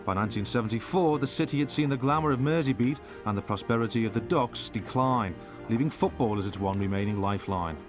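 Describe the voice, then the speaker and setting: A man's voice: medium pitch, quick pace, hardly any pauses, over music. A man giving formal scripted documentary narration. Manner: formal, even.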